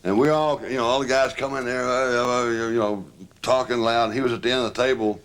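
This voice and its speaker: An older man reminiscing and telling anecdotes, animated and laughing as he talks. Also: mid-range voice, fairly quick, clear, resonant tone. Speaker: storyteller.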